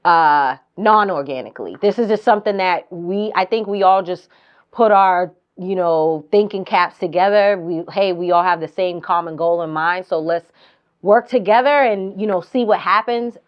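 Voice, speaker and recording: A woman from Boston, a recording artist and mentor, speaking calmly and earnestly. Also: on the low side, normal speed, smooth, lo-fi sound. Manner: calm, earnest and encouraging.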